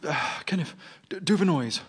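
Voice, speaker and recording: A flustered, pompous British schoolteacher in a radio sitcom, overacting grandly in a school play. His voice sits fairly high for a man and keeps tripping over itself. Audience laughter rolls behind him. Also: lively intonation, normal speed, breathy edge. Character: bumbling male teacher hamming up a time-traveller.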